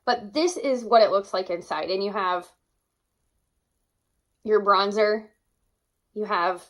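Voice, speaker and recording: A young woman in a casual vlog, gushing enthusiastically over her favorite makeup products and exclaiming often. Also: medium pitch. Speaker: beauty vlogger.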